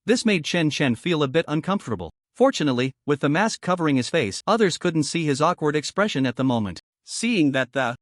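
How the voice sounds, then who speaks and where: A man's voice: a little high, lively intonation, brisk, hardly any pauses, no echo, studio quality. A man narrating a comic story recap in a scripted reading.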